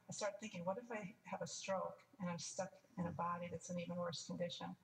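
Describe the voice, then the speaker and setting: A woman's voice: lowish voice, fairly even intonation, fairly quick, a little hiss or hum. An older woman telling a personal story in a frank, wry way, stopping to restart and add asides. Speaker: testimony speaker. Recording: echoey room, mic at a distance, faint ambience.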